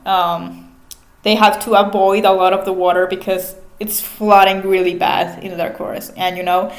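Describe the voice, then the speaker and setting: A woman casually recapping a book, chatty, laughing often and swearing freely. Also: mid-range voice. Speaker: vlogger. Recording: echoey room.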